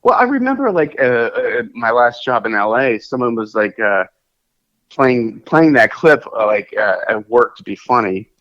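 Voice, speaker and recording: A man talks in a casual podcast chat, rambling through fillers and restarts. His pitch swings widely as he gets animated. The recording sounds dull and lo-fi. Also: normal speed. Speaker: podcast co-host. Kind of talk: casual chat about films.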